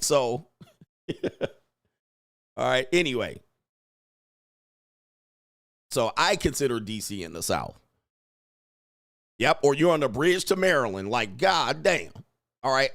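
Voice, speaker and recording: A man hosts a loose livestream, joking and cursing as he reads out viewer comments. His voice sits at an ordinary middle pitch. The sound is dry and close, with no room echo. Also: lively intonation, unhurried, gravelly, pauses often, fairly bright tone. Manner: profane, joking, reads chat aloud. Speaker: livestream host and dating coach.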